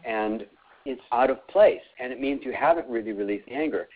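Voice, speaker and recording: A man leading a call-in workshop, explaining calmly with plain everyday examples. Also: mid-range voice, fairly quick. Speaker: workshop leader taking callers. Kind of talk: conversational coaching call. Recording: tinny phone-like line.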